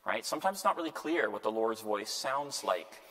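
A man's voice: lowish voice, lively intonation, normal speed, fairly bright tone. A man, a priest, teaching a Bible class in a conversational way, often asking the group questions and checking in with "right?". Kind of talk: parish lecture on scripture. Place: church hall. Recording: long hall reverb.

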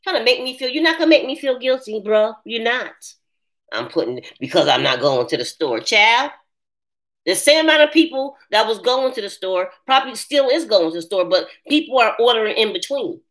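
A woman hosting a casual live chat, answering viewers' comments in an animated way and laughing often. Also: on the high side, brisk. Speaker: live stream host.

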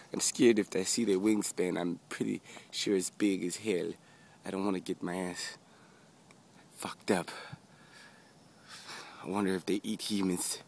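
A man outdoors near a house, filming on a handheld camera and doing a put-on Australian accent as a mock wildlife host. He talks in a hushed, nervous, profane way. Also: on the low side. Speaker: vlogger.

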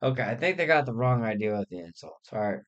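A man's voice: mid-range voice, sing-song, fast, lo-fi sound. Man reading a story, cracking up with laughter. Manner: keeps cracking up laughing, swears casually. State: hiccups from laughing. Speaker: channel host reading an AI story.

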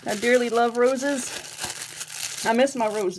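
A woman's voice: on the high side, slow pace, background noise. A woman with a Southern US accent, chatting casually and rambling while showing her mail, often giggling. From Southern United States. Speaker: vlogger.

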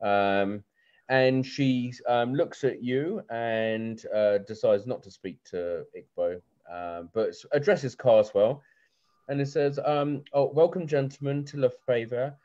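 A man's voice: mid-range voice, slow, a little mellow. A man narrating as game master in a chatty way, full of ums and restarts, over a lo-fi video call.

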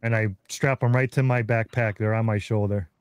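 A man being interviewed as a guest, excitedly retelling his field experiences in casual talk. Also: lowish voice, normal speed, clear, resonant tone. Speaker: guest researcher.

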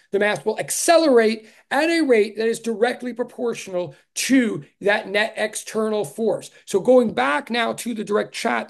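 Gravelly-voiced man lecturing on physics. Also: high-pitched. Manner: animated, thinking aloud with frequent restarts; emphatic, stressing ideas with repeated "really". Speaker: physics professor. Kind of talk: conceptual lecture to an online class.

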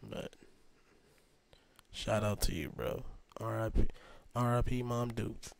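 A man's voice: lowish voice, slow, creaky, dry recording. A man hosting a reaction video, commenting casually in slang.

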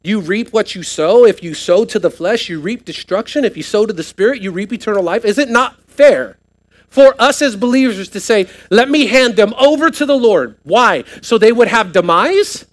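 A man's voice: high voice, animated, normal speed. A man preaching a sermon as pastor to a live congregation, putting questions to the room and pressing points with rising emphasis. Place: church sanctuary, live service.

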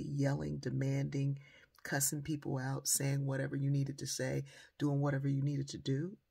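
An older woman giving a motivational talk as a storyteller, animated and acting out the voices of the people in her story. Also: a bass voice, normal speed, creaky, breathy edge. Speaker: motivational speaker.

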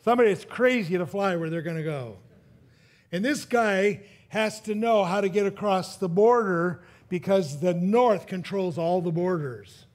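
A male preacher with a high-pitched voice, delivering a sermon through a personal story. He chuckles at his own jokes and often restarts his sentences as he goes. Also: normal speed, darkish tone. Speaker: pastor.

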